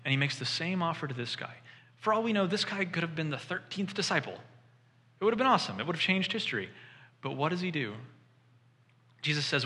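A man delivers a sermon to a room of listeners, retelling a scripture story and slipping into the voices of the people in it. His voice is bright and forceful, and it rings out with the long reverb of a big hall. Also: on the high side, fairly quick. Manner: animated storytelling, voices quoted figures. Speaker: preacher.

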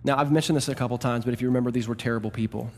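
A male pastor preaching a sermon, swinging between loud emphatic peaks and quieter asides. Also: mid-range voice, steady tone, racing. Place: church hall. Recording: reverberant church hall.

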